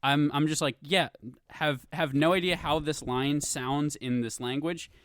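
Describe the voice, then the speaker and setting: A man's voice: a little high, steady tone, a little slow, fairly bright tone, no room sound, studio quality. A man co-hosting a podcast, talking hesitantly with lots of fillers and restarts. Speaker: podcast co-host. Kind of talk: casual chat.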